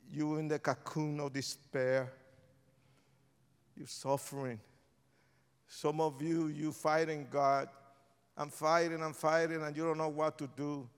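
A man preaching an impassioned sermon and altar call in a large church, swinging from shouts to hushed pleas. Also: on the high side, clear, resonant tone. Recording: long reverb of a large hall.

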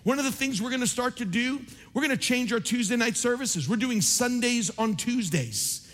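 A man preaching a sermon as pastor, impassioned and building to near shouts. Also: extremely high pitch, lively intonation, normal speed. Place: large church sanctuary. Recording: long reverb of a large hall.

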